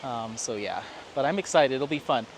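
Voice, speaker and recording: A man's voice: medium pitch, moderate pace. A man from Colorado chatting casually while walking his dog, rambling and laughing often. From Colorado, USA. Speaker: craft vlogger. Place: outdoors on an evening walk near water. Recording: clear outdoor street noise. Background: traffic and town ambience.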